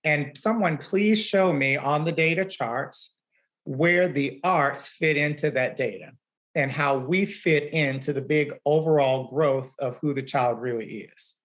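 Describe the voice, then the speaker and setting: A man's voice: fairly high pitch, unhurried, a bit bright. A man making his case on a panel, his slightly raised voice impassioned and pointed. He speaks as an arts teacher over a video call. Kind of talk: panel discussion.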